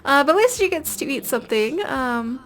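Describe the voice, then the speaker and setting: A woman's voice: high voice, lively intonation, brisk, fairly bright tone, faint music behind. A young woman giving casual, rambling commentary over a life-sim game, chatty and giggly with lots of fillers. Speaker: gameplay video host. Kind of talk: casual let's-play commentary.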